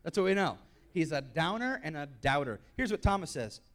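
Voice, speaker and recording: High-pitched guy preaching in church, chatty and jokey, then gets loud and fired up. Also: big pitch swings, brisk. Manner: conversational and joking, building to shouted exhortation. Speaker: pastor. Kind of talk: sermon.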